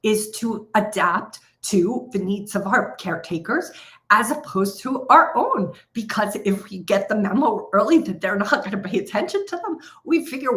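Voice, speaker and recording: A woman's voice: medium pitch, animated, moderate pace, a bit bright. A middle-aged woman leading a live coaching session, speaking directly to viewers and stretching out key phrases for emphasis. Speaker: trading coach.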